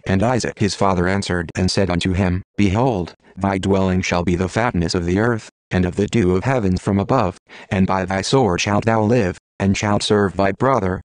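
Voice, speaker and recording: A synthetic male text-to-speech voice reading scripture in an even, measured way. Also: deep voice, no echo. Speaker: Bible reader.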